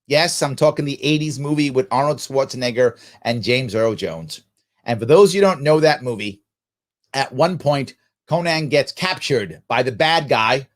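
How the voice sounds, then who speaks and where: A male podcast host giving mocking, sarcastic commentary on clips that he plays back. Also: medium pitch.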